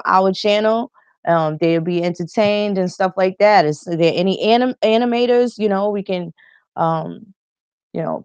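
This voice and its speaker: A woman talks straight to her livestream audience in a loose, rambling monologue full of swearing and emphatic asides. Her voice sits at a middle pitch. The sound is close and dry, with no room echo. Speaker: livestream host.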